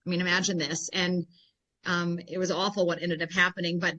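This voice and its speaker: A woman guest in an interview, a health and fitness professional telling stories in a rambling, animated way full of fillers. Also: on the low side, fairly quick, lo-fi sound. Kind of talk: casual interview storytelling.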